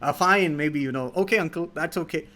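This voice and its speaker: A man's voice: on the high side, fairly quick, bright, forceful tone. A man voicing a sly young male village hoodlum who teases with false friendliness. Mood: teasing.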